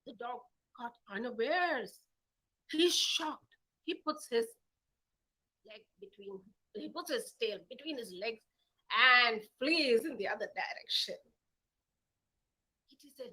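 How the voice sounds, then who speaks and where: A woman with an Indian English accent telling a children's story in an animated, playful way. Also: on the high side, slow pace, long pauses, breathy edge, rough recording. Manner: animated, playful voices and sound effects.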